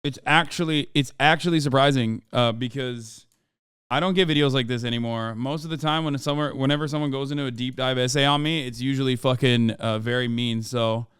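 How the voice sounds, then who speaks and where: A man's voice: medium pitch, fairly even intonation, fairly quick, fairly bright tone, clear, resonant tone, no echo, studio quality. A man in his thirties reacting to a video on his live stream, rambling casually with many restarts and casual swearing.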